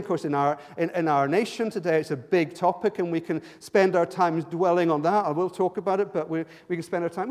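In a recording drenched in long hall reverb, a male pastor delivers a sermon. He stumbles over and repeats words, his voice rising and falling in both pitch and volume.

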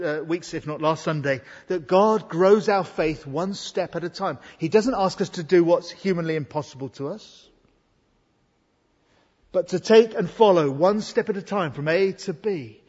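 A man's voice: fairly high pitch, breathy edge. A man preaching an earnest, emphatic sermon to a congregation. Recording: dull sound in a reverberant hall.

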